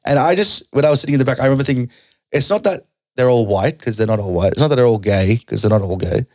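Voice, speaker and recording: A young Australian man, a stand-up comedian, chatting on a podcast in an animated way and swearing freely. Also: medium pitch, fast talker, no echo, studio quality. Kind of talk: casual podcast chat.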